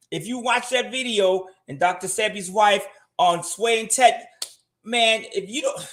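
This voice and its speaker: A man's voice: high-pitched, a bit bright. A man talking frankly in casual livestream style, swearing freely and answering viewer comments from his home. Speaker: guest on a finance show. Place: home room.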